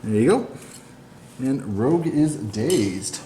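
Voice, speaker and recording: A man's voice: medium pitch, animated, takes it slowly, mellow. A man hosting a tabletop battle report, talking through his moves in a casual, self-deprecating way. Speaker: tabletop game player and channel host. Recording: echoey room with faint noise.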